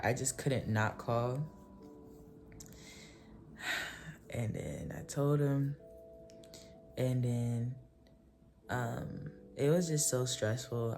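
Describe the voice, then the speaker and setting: A woman's voice: very deep voice, darkish tone. A woman vlogger telling a personal story in a casual, rambling way, full of "like" and "um" and frequent self-corrections. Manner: rambling, filler-heavy, often self-correcting.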